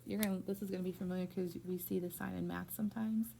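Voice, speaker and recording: Patient woman tutoring phonics, gravelly. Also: fairly low pitch, steady tone, fast talker, mellow, slight background noise. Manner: patient, encouraging, step-by-step prompting. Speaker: reading teacher.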